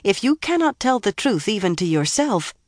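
A calm, self-assured young woman with an amused, condescending edge, as a woman narrator plays her. She speaks steadily and a little higher than the narration. Dry, close audiobook sound. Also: normal speed, no echo, natural voice. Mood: stern. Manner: cool and amused.

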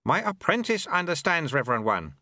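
A man voicing a stern, sharp-tongued old male sweeper monk who snaps his words, in an audiobook. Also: a little high, sing-song, fairly quick, no room sound, studio quality, voice pushed up, full character voice. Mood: stern, scolding. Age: older. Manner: snapping, stern. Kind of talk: audiobook character voice.

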